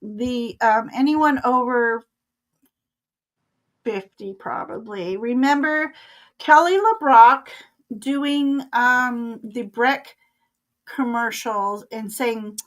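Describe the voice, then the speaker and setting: Older woman, stream host, fairly high voice, unhurried, chatty, laughs often. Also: a bit bright. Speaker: tarot reader hosting a live stream. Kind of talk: casual live-stream chat.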